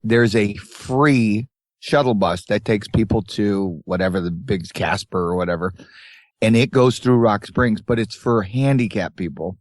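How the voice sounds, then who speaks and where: A man co-hosting a podcast from a tour bus spins a long, meandering road anecdote, voicing the characters as he goes. His voice is lowish and a little slow, with no echo.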